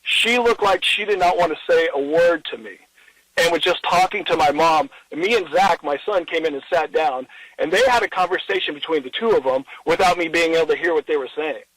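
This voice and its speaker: A middle-aged man in an interview, telling a personal story in an earnest, halting way, with many restarts and quoted dialogue. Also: a little high, a bit bright, no echo, poor audio.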